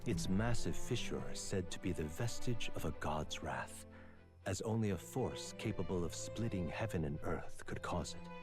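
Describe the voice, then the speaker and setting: An actor voicing a video game narrator, giving scripted narration in a measured, solemn delivery. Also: male voice, deep voice, expressive. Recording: loud music under the voice.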